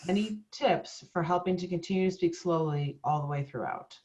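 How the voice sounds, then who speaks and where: A woman moderating a webinar, relaying questions in a friendly, relaxed way over a video call. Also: lowish voice, moderate pace.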